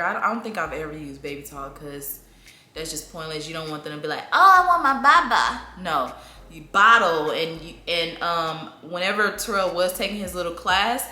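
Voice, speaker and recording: Captured on a camera mic in an echoey room with a little room noise, this young Southern American woman fields parenting questions from her viewers. Her tone is relaxed and talkative, with frequent laughter and bursts of animated, high baby-talk voices as she imitates conversations with her toddler.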